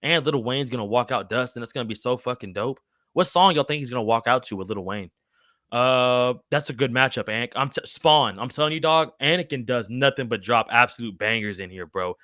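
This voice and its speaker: A man's voice: medium pitch, brisk, sharp tone, dry recording. A man hosting a live show, chatting casually and reading out viewers' comments, full of slang like bro and brother. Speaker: podcast host reading live chat. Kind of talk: casual live-stream chat.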